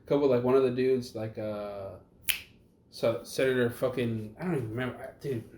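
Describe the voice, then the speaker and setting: A man's voice: medium pitch, fairly even intonation, fairly quick. A young man co-hosting a casual podcast, rambling and profane, trailing off mid-thought. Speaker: podcast co-host. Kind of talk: casual chat. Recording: echoey room, faint background noise.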